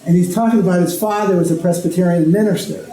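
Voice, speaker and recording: A very dark, mellow male voice in a roomy, echoing hall with faint noise behind it. He is a priest from Connecticut giving a loose, conversational lecture, often pausing to ask "okay?" He sounds like he is talking with the audience, not reading to them. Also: sits high. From Connecticut, USA. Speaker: speaker, priest and ethicist. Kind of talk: informal lecture.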